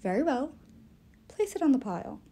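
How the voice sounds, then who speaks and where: A woman's voice: high-pitched, sing-song, normal speed, dark tone, breathy edge, heavily acted. A woman voicing a bitter, stern old male elf father who talks in a cold, scolding way. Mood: stern, scornful.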